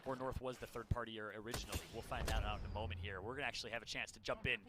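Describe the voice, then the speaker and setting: A man doing energetic play-by-play commentary as an esports caster, rising to shouts on eliminations. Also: lowish voice, racing, very noisy.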